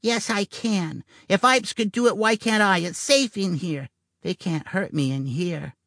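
A man's voice: high-pitched, fairly bright tone, no room sound, clean studio sound, pitched above the performer's own voice. A man voicing an eerie doll-girl spirit. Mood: taunting. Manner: slow, gloating and cruel. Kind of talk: audiobook character voice.

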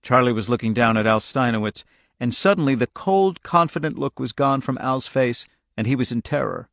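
A man reading a novel aloud as an audiobook narrator, telling the story in a steady, measured way. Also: medium pitch, vocal fry, dry recording, studio quality. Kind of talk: scripted narration.

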